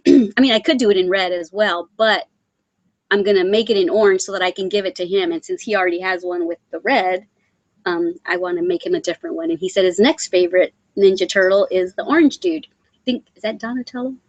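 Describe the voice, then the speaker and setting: Middle-aged woman from Texas, live-stream host, chatty with ums and throat clearing, close dry mic. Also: medium pitch, a little fast, dry recording, muffled recording. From San Antonio, Texas. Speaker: crochet channel host reading live chat. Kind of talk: casual live-stream chat.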